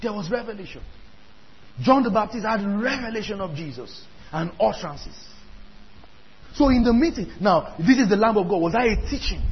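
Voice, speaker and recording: A man's voice: high-pitched, expressive, normal speed. A man preaching a sermon, emphatic, repeating lines and putting questions to his listeners. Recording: dull lo-fi sound with faint ambience.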